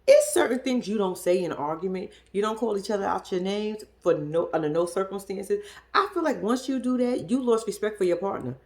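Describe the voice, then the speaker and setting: A woman giving a casual, blunt and profane recap of a reality show, talking in an animated storytelling way. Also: mid-range voice, fairly quick.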